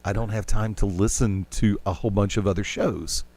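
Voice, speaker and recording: A man's voice: fairly low pitch, fairly even intonation, brisk, darkish tone, no room sound. A man hosting a casual sports talk radio show on a headset mic, rambling and opinionated with jokes along the way.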